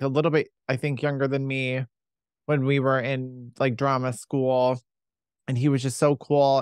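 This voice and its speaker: A man hosts a podcast and chats easily, backing up his guest with quick agreement. His voice sits in an ordinary middle register, recorded close and dry. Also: mid-range voice, no room sound. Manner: supportive, chatty listener. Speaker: podcast host. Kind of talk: casual conversation.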